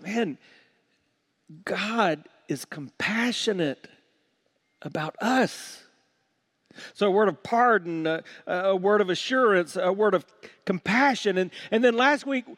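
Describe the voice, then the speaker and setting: A pastor delivers a sermon in a voice sitting a little high for a man. He swings between loud, emphatic peaks and hushed, quiet passages. He slows right down to lean on the words that matter. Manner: slows down to stress key words.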